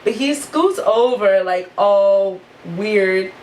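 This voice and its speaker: A woman vlogger telling a storytime in an animated, profane way, saying "like" constantly. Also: high-pitched, a little slow, slight background noise, rough recording. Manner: animated, profane, heavy use of "like". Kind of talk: storytime vlog.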